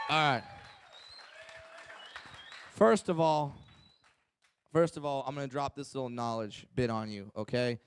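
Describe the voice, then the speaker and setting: A man's voice: a little slow, pauses often, smooth, no room sound. A man doing live stand-up comedy, brash and profane, who works the crowd and mimics other people. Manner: brash, profane, loud punchlines, teasing the audience; mimics others in higher voices.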